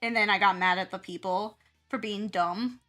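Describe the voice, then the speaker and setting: Chatty woman, bright voice. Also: medium pitch, steady tone, normal speed, faint music behind. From American South. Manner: rambling, laughs often, acts out her own reactions. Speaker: art streamer and teacher. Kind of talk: casual chat while drawing on stream.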